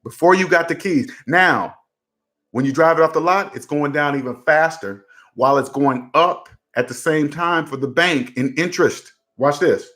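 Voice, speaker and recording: A man hosts a personal finance talk, speaking casually but with preachy insistence. His voice sits a bit high, and he hammers each point by saying it twice. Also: moderate pace, fairly bright tone. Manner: emphatic and repetitive, preachy, drives points home. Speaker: personal finance channel host. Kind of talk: casual commentary to camera.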